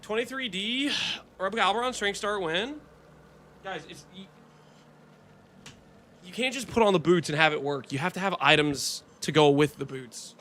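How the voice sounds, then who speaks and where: A man streaming a game, chatting casually with his viewers in a joking, animated way. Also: high-pitched, moderate pace, long pauses, slight background noise. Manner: joking, animated, talks to chat. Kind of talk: casual gameplay commentary.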